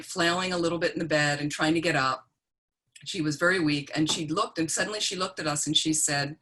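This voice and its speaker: A woman with a low, deep-set voice gives a teaching talk. She speaks plainly and conversationally, pausing to check in with her listeners. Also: a bit bright. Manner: plain-spoken, checks in with "okay?". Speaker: Buddhist nun and teacher. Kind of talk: teaching talk on death and dying.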